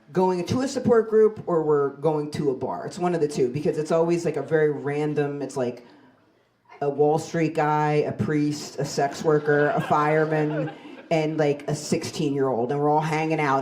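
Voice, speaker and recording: A woman in her forties performing a stand-up set on a comedy club stage into a handheld mic, with a deadpan, self-mocking delivery. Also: low-pitched, moderate pace. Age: 40s. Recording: live club with loud crowd laughter. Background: audience laughing.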